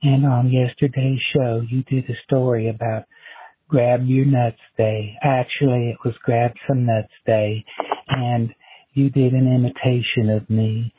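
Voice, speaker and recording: A man's voice: mid-range voice, level tone, unhurried, slightly rough, no room sound. A man leaving a long, rambling, repetitive voicemail for a radio-style show. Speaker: voicemail caller. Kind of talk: rambling phone message. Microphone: phone. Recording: tinny phone line.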